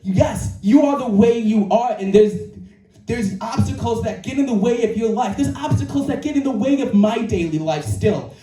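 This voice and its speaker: A man with a very high but mellow voice gives an earnest, emphatic motivational talk at a live event, often repeating his key phrases. He is picked up from a distance in an echoey room, with faint music behind him. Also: animated, normal speed. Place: indoor creative venue, live audience.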